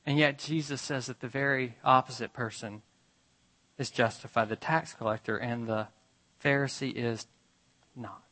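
Bright-voiced male preacher telling a story. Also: mid-range voice, steady tone, normal speed, low-quality recording. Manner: dramatic retelling, swinging from urgent to hushed. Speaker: pastor. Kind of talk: storytelling sermon.

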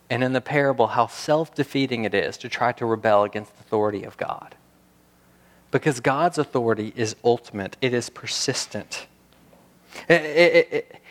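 A man preaching a sermon, animated and building to emphatic peaks, often restarting his words as he goes. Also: medium pitch. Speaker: pastor. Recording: reverberant hall.

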